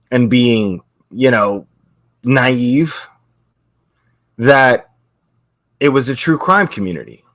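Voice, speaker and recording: A man on his own stream, profanely ranting and calling out other creators, slow and emphatic. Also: mid-range voice, a bit bright, no room sound, studio quality. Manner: profane, repetitive, confrontational. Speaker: YouTube creator. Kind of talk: angry livestream rant.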